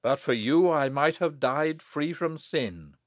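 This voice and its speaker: A man's voice: a little high, expressive, takes it slowly, dry recording, clean studio sound. A man reading as a wronged monk who speaks sternly and bitterly in an audiobook. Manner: stern, thundering.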